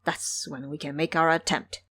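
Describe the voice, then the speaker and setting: A woman voicing a scheming young male demon king who talks calmly and plots. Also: sits low, normal speed, husky. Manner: calm, calculating.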